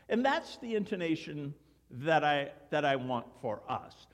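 Animated older pastor in a reverberant hall. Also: male voice, fairly high pitch, moderate pace. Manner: storytelling, animated, acts out quoted voices. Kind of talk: sermon. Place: church sanctuary.

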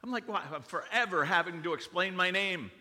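A man's voice: high voice, animated, a little fast, pushed and bright, big-room sound. A man preaching a sermon as lead pastor, conversational and joking, with frequent restarts.

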